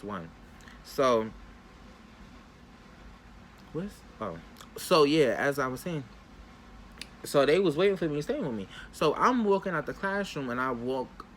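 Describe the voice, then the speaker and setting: A young man talks straight to his viewers in a casual storytime vlog, using loose slang. His pitch sits in the middle but swings widely as he tells the story. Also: a bit bright, slight background noise. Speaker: vlogger.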